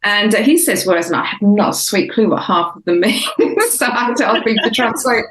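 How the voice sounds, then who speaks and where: A woman's voice: mid-range voice, fairly quick, reverberant, rough recording. A woman in her sixties with a faded Cockney English accent, talking reflectively as an author in an interview, with many fillers and restarts. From Southeast London, England. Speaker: author and guest. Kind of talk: casual interview talk.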